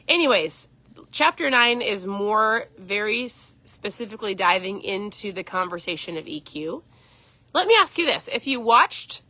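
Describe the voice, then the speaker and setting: A woman's voice: mid-range voice, sharp tone, no echo. A woman in her forties, a keto coach, chatting earnestly on a casual live stream.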